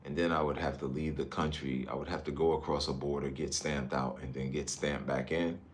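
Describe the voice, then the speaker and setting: A man from Newark, New Jersey, livestreaming casually from a high-rise hotel room on his phone and chatting with viewers about their comments. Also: flat delivery, brisk, slight background noise. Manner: laid-back, chatty, drifts between comments. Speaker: livestream vlogger.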